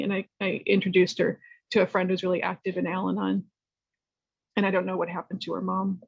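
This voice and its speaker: A woman's voice: fairly low pitch, a little fast, gravelly, husky, no room sound, muffled recording. Candid woman telling her recovery story. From California. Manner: candid, rambling, lively storytelling. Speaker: recovery meeting speaker. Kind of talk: personal testimony talk.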